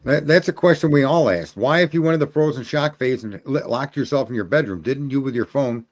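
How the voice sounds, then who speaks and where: A man's voice: mid-range voice, brisk, dry recording. A man on a discussion panel, talking emphatically and posing rhetorical questions.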